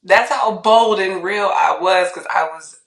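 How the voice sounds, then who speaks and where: Animated woman sharing a faith testimony. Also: fairly low pitch, unhurried, gravelly, reverberant. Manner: animated storytelling, laughs often, acts out her inner voice. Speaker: podcast guest. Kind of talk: casual testimony.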